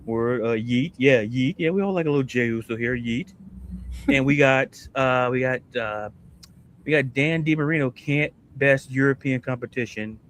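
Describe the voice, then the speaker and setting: A man co-hosting a sports podcast, ranting in a casual, animated way and firing off rhetorical questions. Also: mid-range voice, moderate pace, slight background noise. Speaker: podcast co-host.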